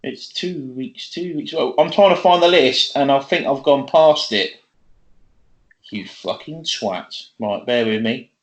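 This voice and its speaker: A man's voice: mid-range voice, normal speed. A man co-hosting a casual podcast chat, swearing freely and laughing often as he tells stories. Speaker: podcast co-host.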